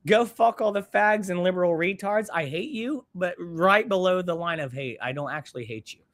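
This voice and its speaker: A man's voice: high-pitched, normal speed, a bit bright. A man hosting a live stream, ranting bluntly and profanely while reading viewer comments in a rambling way.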